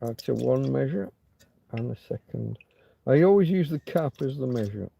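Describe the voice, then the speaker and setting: A man hosting a casual late-night livestream from his bed, rambling and chatty, talking to his dog in a soft doting voice between asides to his viewers. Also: mid-range voice, lively intonation, moderate pace, gravelly, a little hiss or hum. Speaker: livestream host. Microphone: phone camera held close.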